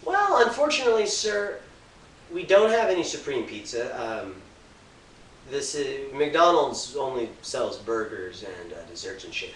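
A polite, firm restaurant manager, played by a man speaks formally in a bright voice. He is recorded from a distance in an echoey room, with a faint hiss. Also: mid-range voice, sing-song, a little slow, pitched below the performer's own voice. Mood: calm. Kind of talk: amateur comedy sketch.

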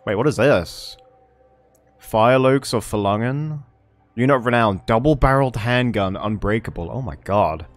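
Mid-range in pitch and normal in speed, a man streams a strategy game with casual let's-play commentary, thinking aloud and cursing under his breath.

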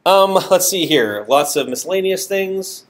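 A man's voice: sits high, animated, measured pace. A man with a nasal voice giving a university programming lecture in a classroom, talking informally with many fillers and self-deprecating asides. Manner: filler-heavy, self-deprecating, restarts often. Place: classroom with hard walls.

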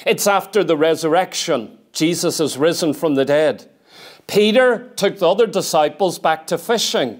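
A man with a fairly high-pitched voice preaches a sermon in church at normal speed, earnest and emphatic. He repeats his key points and reads scripture aloud in King James wording.

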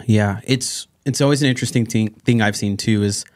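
A man hosting a local talk show, talking casually with a relaxed, sometimes sarcastic manner and frequent laughter. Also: on the low side, a little fast. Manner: easygoing, laughs often, sarcastic asides. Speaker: host.

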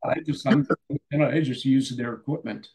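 An older man with a gravelly, creaky edge to his mid-range voice. He tells stories casually and with energy, slipping into the voices of the people he talks about. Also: medium pitch, normal speed, poor audio. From Canada. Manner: lively anecdotes, often acts out the other people in his stories. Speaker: musician guest. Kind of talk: casual interview storytelling.

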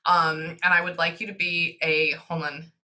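A woman working as a psychic medium, giving a reading to a client and relaying messages in quick, chatty asides. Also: on the low side, little pitch movement, pushed and bright.

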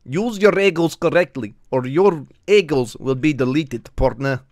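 A man voicing a cowboy with a mock Russian accent, drawling slowly and mock-menacingly. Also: on the high side, darkish tone, no echo, studio quality, voice pushed up, close to an everyday voice.

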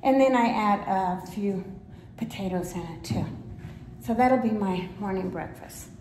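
A woman vlogger talking casually while climbing stairs, out of breath, with frequent pauses and small laughs. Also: mid-range voice, darkish tone, roomy sound, a little hiss or hum, rough recording. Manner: chatty, pauses often, laughs between phrases. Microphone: handheld camera.

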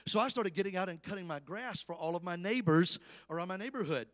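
A Southern evangelist in his fifties with an Alabama accent and a fairly high voice, telling stories from the pulpit. His delivery is emphatic and folksy, with frequent calls out to the congregation. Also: fast, fairly bright tone. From Alabama, USA. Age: 50s. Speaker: evangelist preacher. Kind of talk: storytelling sermon.

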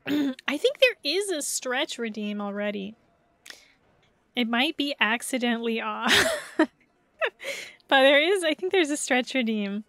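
Giggly high-voiced woman streamer. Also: expressive, slow pace, pauses often, a bit bright, no room sound. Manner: giggly, rambling, playful. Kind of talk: casual live-stream chat.

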